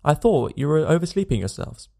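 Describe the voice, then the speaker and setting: A man voicing a fussy middle-aged landlady, speaking quickly and politely in a raised, high voice. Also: sing-song, vocal fry, dark tone.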